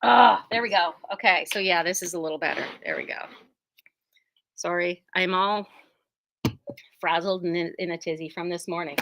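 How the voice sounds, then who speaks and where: A woman with a bright, forward voice rambles cheerfully about new fabric bolts from her quilt shop. She wanders off topic and pokes fun at herself. Her voice sounds close and dry, with almost no room sound. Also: lowish voice, moderate pace, long pauses, dry recording. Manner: chatty, rambling, self-deprecating. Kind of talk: casual product showcase.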